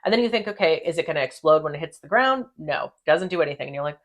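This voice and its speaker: A woman hosting a casual recap chat, animated and profane, laughing often. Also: low voice, fast. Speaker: podcast host.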